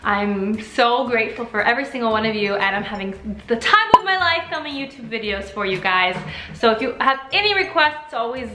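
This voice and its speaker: A woman's voice: fairly high pitch, animated, fairly quick, reverberant, very noisy. An American woman in young adulthood, chatting to camera as a vlogger in an upbeat, playful way. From United States. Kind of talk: casual talk to camera.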